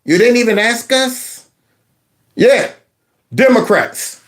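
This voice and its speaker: A man's voice: extremely high pitch, lively intonation, slow. A man hosting a reaction commentary channel, mocking and sarcastic with laughing asides.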